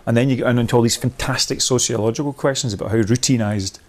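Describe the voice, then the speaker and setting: Speaking fast in a mid-range voice, a man leads a workshop with discursive talk. He rambles and thinks aloud, restarting many times.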